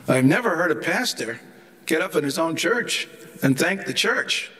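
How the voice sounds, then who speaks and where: A man's voice: fairly high pitch, very animated, moderate pace, sharp tone. An older man giving a humorous, anecdotal theology lecture, chatty and rambling, with wry joking asides.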